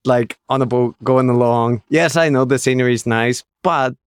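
Smooth-voiced man teasing his co-host. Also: medium pitch, moderate pace, no echo, studio quality. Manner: playful, teasing, mock-dramatic. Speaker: podcast co-host. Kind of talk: casual podcast chat.

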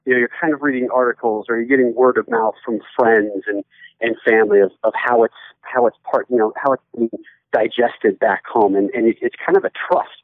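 A man's voice: mid-range voice, a little fast, dry recording. Joking male sportscaster over a tinny line. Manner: joking, animated asides. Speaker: sports studio host, guest. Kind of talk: casual interview chat.

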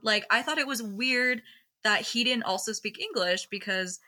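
A woman in casual podcast chat, blunt and animated, laughing often. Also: a little high, normal speed. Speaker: co-host.

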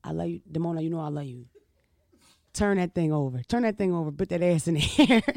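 A woman's voice: fairly low pitch, quick pace, vocal fry, mellow, no echo. A woman putting on a purring, bossy talking vibrator. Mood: seductive. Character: sultry talking vibrator, low and coaxing.

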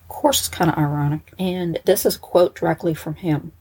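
A woman's voice: lowish voice, moderate pace, a little mellow, husky, poor audio. A woman narrating in a casual, chatty way, with wry asides. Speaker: storyteller.

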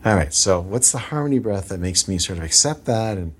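A man's voice: low-pitched, expressive, fairly quick, slightly rough. A man hosting a podcast, talking casually and with enthusiasm, using lots of fillers. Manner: enthusiastic, upbeat, with frequent fillers. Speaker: podcast host. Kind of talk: casual conversation.

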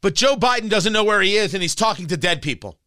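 A man's voice: sits high, expressive, fast talker, bright, forceful tone, slight background noise. A man hosting a talk radio show, delivering an emphatic, combative monologue into a studio microphone.

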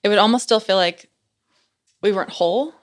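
A woman's voice: mid-range voice, brisk. A young adult woman, a podcast guest, tells a story in a casual, chatty way and fills her speech with "like".

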